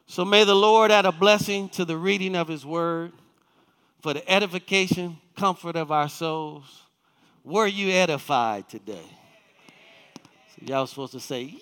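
A man's voice: sits high, lively intonation, pushed and bright, smooth, in a large hall. A male pastor preaching a sermon, reading scripture and asking the congregation questions. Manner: reads scripture aloud with emphatic, slowed quotes. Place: church sanctuary.

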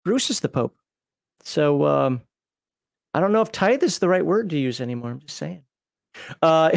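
A man hosting a live stream, chatting casually with jokes and quick asides. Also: sits high, no room sound, studio quality. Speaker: podcast host.

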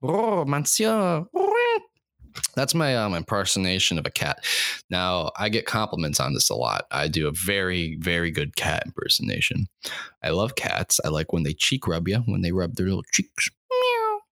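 A man delivering a rambling comic monologue, repeating himself in a deadpan way and breaking into squeaky voices. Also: moderate pace, vocal fry, dry recording, studio quality.

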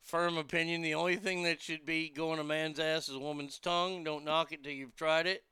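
A man's voice: on the high side, little pitch movement, fairly quick, bright, forceful tone, clear, resonant tone, dry recording, studio quality. A man hosting a show, delivering a crude, mocking comedic monologue that rambles with restarts. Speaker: radio show host.

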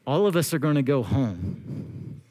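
A man preaching a sermon as pastor, earnest and exhorting, with slow emphatic phrasing. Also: medium pitch, big pitch swings, warm tone.

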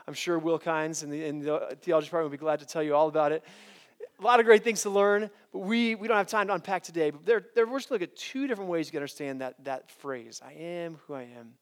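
A man preaching to college students, speaking animatedly, restarting his sentences and often asking "right?". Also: sits high. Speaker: campus preacher.

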